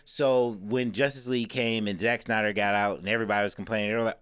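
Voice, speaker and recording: A man's voice: lowish voice, quick pace, hardly any pauses, a bit bright, smooth, no room sound. Man rambling on, explaining at length. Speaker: podcast co-host. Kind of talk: casual chat.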